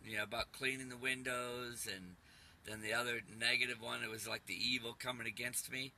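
Middle-aged man, bright and edgy tone, urgent rambling testimony, faint hiss behind. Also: medium pitch, fairly even intonation, brisk, creaky. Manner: earnest, urgent, repeats "man". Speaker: YouTube preacher.

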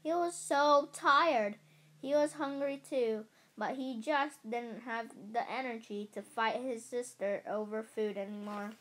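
A woman reading a children's book aloud in a halting way, often correcting herself. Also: a little high, fairly bright tone. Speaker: storybook reader.

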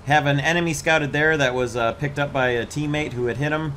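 A man hosting a gaming channel, explaining his match in a relaxed way and then calling out targets to his squad. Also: a little high, fairly quick, a little hiss or hum. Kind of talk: gameplay commentary and squad voice chat.

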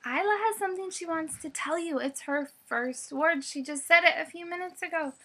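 High, bright-voiced young mother coaxing a baby. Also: brisk. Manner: coaxing, sing-song baby talk. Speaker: mother filming her baby. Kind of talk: home video.

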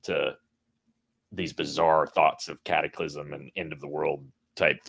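A man co-hosting a casual livestream chat, musing in drawn-out phrases. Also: rumbling low, fairly even intonation, creaky, fairly bright tone, slightly rough.

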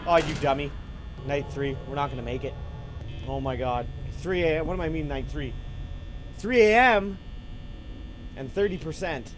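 A young man playing a horror game and commenting, excitable, swearing at it, yelping and trash-talking. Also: mid-range voice, a little fast, noisy background. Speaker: gaming YouTuber. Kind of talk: let's play commentary. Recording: game music loud behind voice. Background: game music.

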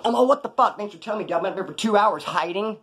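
On a live stream, a Californian man races through stories from his past in a high-pitched voice. He rambles casually, drops plenty of slang and acts out the voices of the people he quotes.

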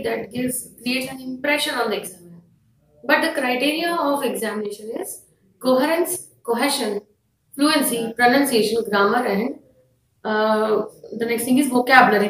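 A woman's voice: fairly high pitch, roomy sound, distant mic, low-quality recording. A woman with an Indian English accent, explaining exam tips in a firm, instructive way, with frequent fillers. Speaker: IELTS teacher. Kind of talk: explanatory lesson to camera.

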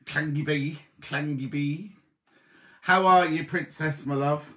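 A man's voice: a little high, fairly even intonation, takes it slowly, sharp tone. A man hosting a live online coffee morning, chatting as he reads out viewers' messages and greets them as "my love". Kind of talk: casual live-stream chat greeting viewers.

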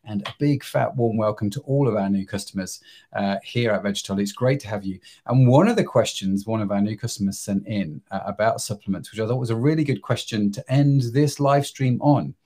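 Chatty, self-deprecating host with a low voice. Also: male voice, a little fast, a little mellow. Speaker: livestream host. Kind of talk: casual livestream chat.

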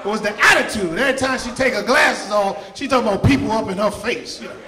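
A man doing a loud, rowdy stand-up comedy set, shouting his punchlines on a comedy club stage. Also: high voice, fast talker. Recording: roomy club with audience noise. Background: audience laughter and crowd noise.

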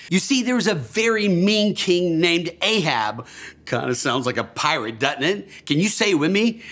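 A man's voice: high voice, a bit bright. A man telling a Bible story to young children, enthusiastic and gasping, leading them in call-and-response.

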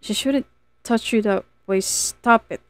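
A woman's voice: on the high side, measured pace, smooth, no echo, pitched above the performer's own voice, close to an everyday voice. A woman voicing a cold, defensive young female student who answers curtly and evasively. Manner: curt and evasive.

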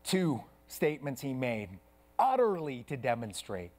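A man preaching a sermon as pastor in a church, earnest, swinging between hushed soft passages and raised intense ones. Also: a little high, a little slow.

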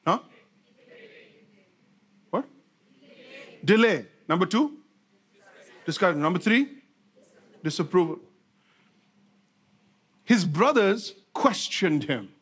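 A man delivering a sermon in a fairly high voice. He repeats his key lines for emphasis and fires rhetorical questions at the congregation, mixing fast and slowed-down phrases as he drives his point home. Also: very animated, fairly bright tone, breathy edge. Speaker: pastor.

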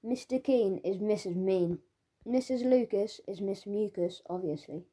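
A woman's voice: mid-range voice, measured pace, slightly rough. Woman doing a sly teasing school bully boy. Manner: sly, teasing, leaning in with loud whispers. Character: boy bully who gives everyone nicknames. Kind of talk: audiobook character reading.

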